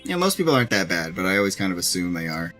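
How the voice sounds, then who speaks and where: Young male let's-play co-host, low bright voice, rambling joker, faint game music under. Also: big pitch swings, racing. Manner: joking, rambling, laughs often. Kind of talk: casual gameplay chat.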